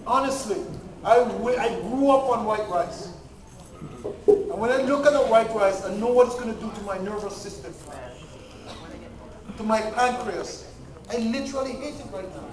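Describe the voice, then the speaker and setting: High-voiced man lecturing in an echoey hall. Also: moderate pace, long pauses, recorded from a distance, slight background noise. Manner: emphatic, repeats key points, asks the audience to follow. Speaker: health lecturer. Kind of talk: church health lecture.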